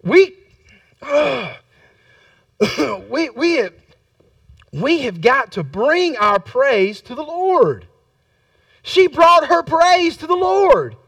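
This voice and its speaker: A man preaching a sermon as a Baptist pastor, repeating his lines and building to fervent shouts. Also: very high-pitched, very animated, very slow, pauses often, dry recording, recorded from a distance.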